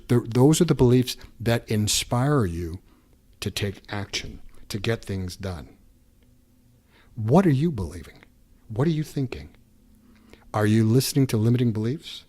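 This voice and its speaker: A man's voice: mid-range voice, darkish tone. A man hosting a podcast, giving an earnest motivational pep talk and acting out the doubts in a listener's head. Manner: earnest coaching tone, voices inner doubts aloud. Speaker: podcast host.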